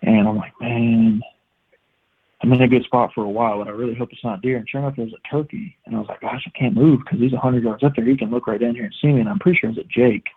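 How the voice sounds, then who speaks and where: A man's voice: mid-range voice, quick pace, breathy edge. Man telling a story over a tinny phone line. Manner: animated, quoting his own thoughts, sound effects. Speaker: podcast guest, listener. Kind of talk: casual storytelling.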